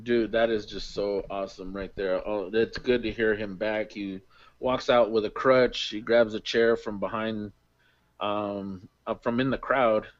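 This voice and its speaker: A man co-hosting a casual wrestling podcast, excitable and quick to laugh, recapping the show. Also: on the low side, dry recording. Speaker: podcast co-host. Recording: dull dry home mic.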